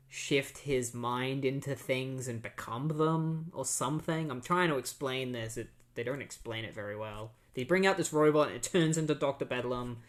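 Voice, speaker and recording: A young man hosting a podcast, casually recapping a comic book in a rambling way, full of fillers. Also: medium pitch. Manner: rambling, filler-heavy, easygoing. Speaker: podcast host.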